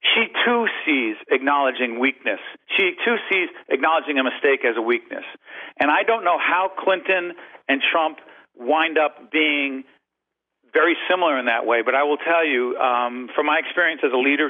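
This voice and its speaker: Emphatic man on a tinny phone line. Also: fairly high pitch. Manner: emphatic, repeats phrases for rhythm. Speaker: guest, leadership and communication author. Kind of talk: radio interview commentary. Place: call-in to satellite radio show.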